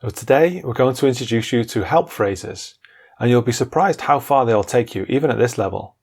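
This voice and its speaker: A man co-teaching a beginners' lesson, repeating each phrase slowly for learners. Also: medium pitch, animated, darkish tone, husky. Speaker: language teacher. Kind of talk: scripted lesson.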